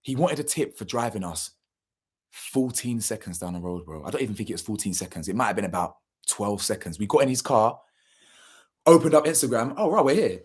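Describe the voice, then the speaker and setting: A man's voice: lowish voice, animated, a little fast, slightly rough. A young man, telling a story casually and animatedly, full of slang and swearing, acting out what people said. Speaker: channel host.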